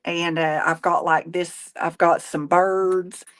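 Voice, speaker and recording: A woman's voice: fairly low pitch, little pitch movement, slow. A woman, chatting casually and folksily while she crafts, rambling and laughing often. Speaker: craft show host; nurse.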